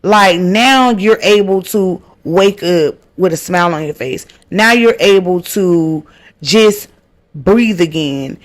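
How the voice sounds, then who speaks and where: A woman's voice: on the low side, takes it slowly. A woman hosts her own podcast and tells a heartfelt faith testimony. She talks earnestly, repeats phrases for emphasis and speaks to her listeners as y'all. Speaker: podcast host.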